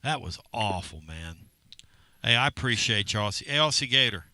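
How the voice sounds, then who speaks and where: A man's voice: lowish voice, lively intonation, normal speed, sharp tone, no echo. A man hosting a sports radio talk show, teasing his caller in casual chat. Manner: teasing, playful.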